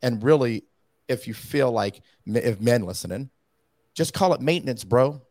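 A man's voice: mid-range voice, expressive, normal speed, darkish tone, no echo. A man, a podcast guest, talking in a blunt, slangy, emphatic way. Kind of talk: casual podcast talk.

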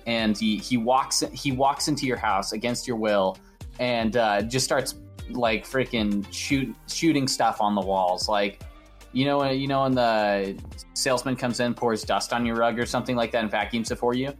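A man's voice: medium pitch, moderate pace, soft background music. A man hosting a casual podcast, rambling and repeating himself as he spins absurd made-up stories. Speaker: podcast host.

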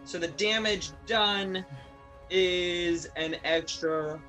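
A woman player in a tabletop game, excitedly working through dice rolls and rules. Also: fairly low pitch, very slow, faint music behind. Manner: excitable, chattering rules talk. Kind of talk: casual tabletop play.

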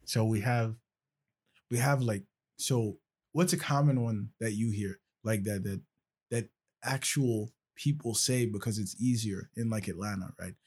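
Husky man explaining, tag questions. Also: fairly low pitch, unhurried, a little mellow. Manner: explanatory, constantly checks in with "right?". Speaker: podcast host. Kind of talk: casual conversational podcast talk.

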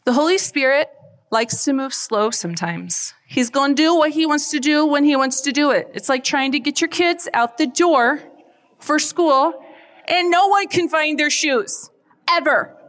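A woman giving a faith talk to a live audience, chatty and animated, often asking the crowd questions. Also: sits high, moderate pace. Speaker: speaker at a church event. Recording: long hall reverb.

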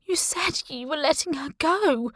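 A woman narrator voicing a frightened, defiant teenage girl in an audiobook, with high, strained, sweary outbursts. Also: expressive, measured pace, no echo, studio quality. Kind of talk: audiobook character voice.

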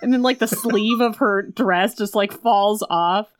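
A woman co-hosting a podcast in casual chat, recapping a film and acting out quick bits of its dialogue. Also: medium pitch, no echo, clean studio sound. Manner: chatty, retells scenes with quick acted-out quotes.

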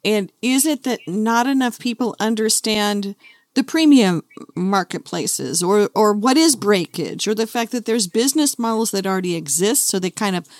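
A woman hosts a conversational interview, following up on what her guest says. Her voice sits at a mid pitch. The sound is dry and close. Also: expressive, moderate pace, no room sound. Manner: engaged, builds on the guest's points. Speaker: host, interviewer.

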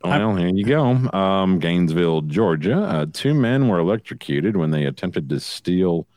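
A man co-hosting a podcast, reading news stories and tossing in deadpan puns. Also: low-pitched, moderate pace, no room sound, clean studio sound. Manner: deadpan punning. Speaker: podcast co-host.

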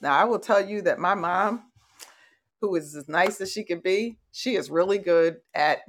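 A woman's voice: fairly low pitch, measured pace. A middle-aged woman hosting a conversational motivational talk, telling stories and laughing easily. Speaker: host.

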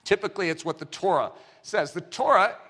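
A man preaching a sermon, telling a story with acted-out dialogue in an animated way. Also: high voice, fairly quick.

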